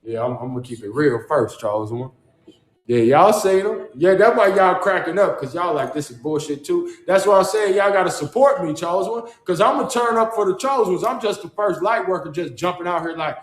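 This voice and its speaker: A man's voice: high voice, expressive, a little fast, reverberant. A man hosting a casual livestream monologue, rambling in slangy, profane street talk and repeating the same refrain words again and again. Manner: rambling, repeats "Charles" and "chosen one" as a refrain. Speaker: livestream host. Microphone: phone.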